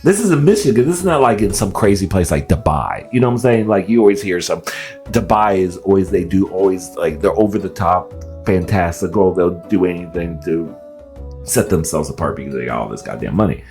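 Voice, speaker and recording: A man's voice: sits low, brisk, soft background music. A man hosting a reaction video, chatting casually and laughing, often restarting his sentences. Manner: animated, laughing, stammering restarts.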